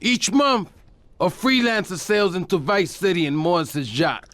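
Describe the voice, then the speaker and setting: A vain volatile crime boss, very high bright voice, slow delivery, game cutscene. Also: male voice, very animated, heavily acted. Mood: commanding. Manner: explosive outbursts, drawn-out speech. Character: hot-tempered male crime boss, theatrical and vain.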